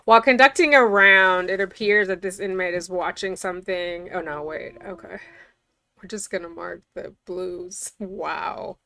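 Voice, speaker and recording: A woman's voice: lowish voice, a little slow, bright, forceful tone. A woman reading official documents aloud and breaking off for casual, incredulous commentary. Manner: chatty, incredulous, often laughing.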